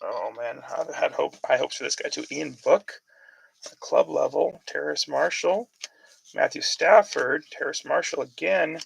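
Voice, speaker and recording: A man's voice: on the high side, a little slow, vocal fry, slightly rough, rough recording. A man hosting a casual card break, calling out player names and rambling about football news with plenty of fillers. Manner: chatty, rambling sports talk with fillers.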